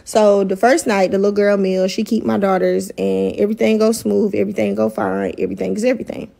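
A young woman with a gravelly, fry-edged voice tells a personal story in a casual rant. She swears freely and keeps her outrage running high. Her pitch sits in an ordinary middle range. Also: little pitch movement, warm tone. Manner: heated, profane, fast-rising outrage. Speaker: storyteller in a viral clip.

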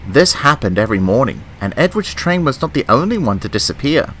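A man reading a children's storybook narration in a gentle, expressive manner. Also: mid-range voice, brisk, noisy background.

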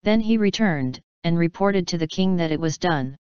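A woman reading an old folk tale aloud in a measured, steady storytelling style. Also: fairly low pitch, clear, resonant tone, dry recording, lo-fi sound. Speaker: narrator. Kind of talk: scripted storybook narration.

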